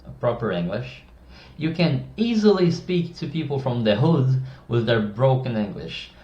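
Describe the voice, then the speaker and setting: Outspoken male creator, mid pitch, casual advice to camera, echoey dull-sounding room. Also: expressive, moderate pace, dark tone. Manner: blunt, opinionated, with many restarts.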